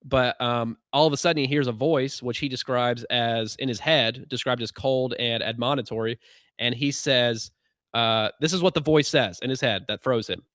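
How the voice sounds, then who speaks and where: A male podcast host rattles through his thoughts quickly in a casual, wry way. His voice sits at a middle pitch. It is recorded close and dry. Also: no echo. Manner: fast-talking, animated, wry. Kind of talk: casual conversational commentary.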